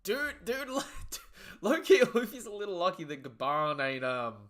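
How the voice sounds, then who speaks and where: Excitable young guy with a bright voice. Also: sits high, unhurried. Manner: excitable, slangy, profane, trailing off into asides. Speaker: live reaction streamer. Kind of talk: casual live reaction commentary.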